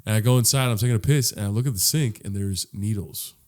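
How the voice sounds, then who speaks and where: A man's voice: fairly low pitch, quick pace. A man co-hosting a casual podcast chat, telling stories animatedly, acting out other people's lines and swearing freely. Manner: animated storyteller, acts out voices, swears freely. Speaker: podcast co-host.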